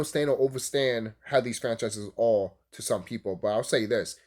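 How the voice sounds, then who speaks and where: A man reviewing cartoons in a casual rant, swearing freely, laughing often and rambling with restarts. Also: mid-range voice. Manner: animated, profane, laughs often; rambling, restarts mid-thought.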